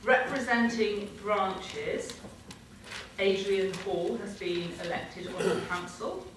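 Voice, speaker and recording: A woman's voice: mid-range voice, takes it slowly. Woman announcing in an echoey hall. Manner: informal, loosely structured announcing. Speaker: convention host presenting awards. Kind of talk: live announcements from a stage. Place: large conference hall. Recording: echoey hall from far off, noisy.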